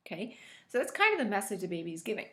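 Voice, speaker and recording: A woman giving an explanatory talk on child attachment, telling it as an animated story and often checking in with "right?" and "okay?". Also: mid-range voice, very fast. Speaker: relationship educator.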